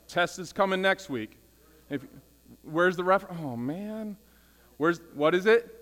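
Male pastor, sermon, slightly high voice, long church reverb, mains hum. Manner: casual, energetic, call-and-response with congregation. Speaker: senior pastor. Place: church sanctuary.

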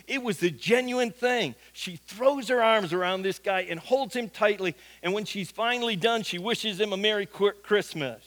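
A man's voice: high voice, moderate pace, few pauses, a bit bright. A middle-aged man, a pastor, telling a folksy anecdote during a sermon. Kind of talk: sermon storytelling.

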